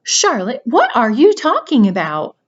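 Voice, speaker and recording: A woman reading a storybook aloud, voicing an earnest young male pig who pleads loudly and desperately. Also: fairly high pitch, wildly swooping pitch, a little slow, highs cut off, voice pushed up, exaggerated voice.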